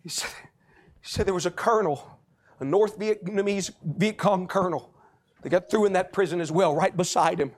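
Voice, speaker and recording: A man preaching a sermon, retelling a testimony and building up to shouted praise. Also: high voice.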